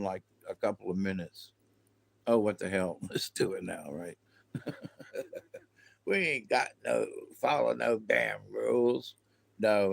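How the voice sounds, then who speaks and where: Slow, rambling male livestream host. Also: medium pitch, creaky, dry recording. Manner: slow, rambling, talks to viewers in chat, laughs often. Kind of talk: casual spiritual livestream chat.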